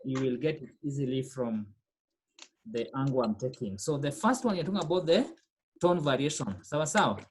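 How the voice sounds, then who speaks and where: A woman's voice: very deep voice, lively intonation, brisk, darkish tone, a little hiss or hum. Patient woman teaching French. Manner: explains patiently, repeats phrases, checks understanding with "okay?". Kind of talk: online class lesson.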